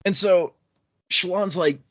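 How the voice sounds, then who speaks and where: A man co-hosting a casual book discussion, animatedly retelling scenes and putting on quick voices for the characters. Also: high voice, a bit bright, no room sound. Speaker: podcast co-host. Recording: dull lo-fi audio.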